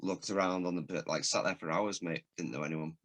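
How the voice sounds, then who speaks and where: A man's voice: sits low, fairly even intonation, a little fast, background noise. A man, a rapper and producer, talking as a guest on a casual podcast, rambling through stories with lots of swearing and laughter. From England. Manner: swears a lot, laughs often, rambling storyteller.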